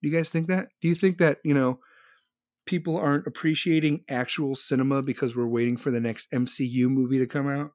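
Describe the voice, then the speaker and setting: A man's voice: mid-range voice, fairly even intonation, fairly quick, darkish tone, no echo, studio quality. A man live streaming, answering his chat in a blunt, profane, rambling rant. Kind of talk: casual political rant.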